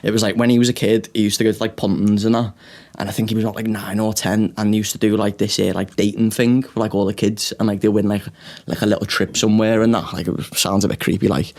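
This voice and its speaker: A man's voice: lowish voice, level tone, fast talker, darkish tone. Young man telling a rowdy comedy story. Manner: swears often, laughs through his stories. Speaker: comedian podcast co-host. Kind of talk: casual storytelling chat.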